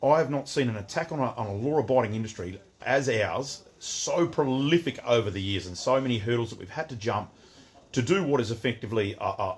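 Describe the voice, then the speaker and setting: Chatty Australian man on a livestream. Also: lowish voice. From Western Australia. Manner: chatty, greets viewers by name, rambling restarts. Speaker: shop owner hosting a livestream. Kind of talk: casual livestream rant.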